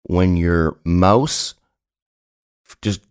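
A man with a very low, early-morning voice hosts a casual podcast chat. He jokes and teases his co-host. The recording is close and dry, with no room sound. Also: very slow, clear, resonant tone, no echo. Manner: joking, teasing banter.

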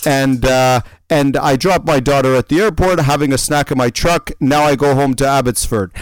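A man's voice: medium pitch, normal speed, no echo, lightly acted, low-quality recording. Man faking a heavy Russian-ish accent. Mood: earnest kind. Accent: attempted Russian-like European. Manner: short broken plain phrases, generous. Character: helpful middle-aged stranger with heavy Russian-ish accent.

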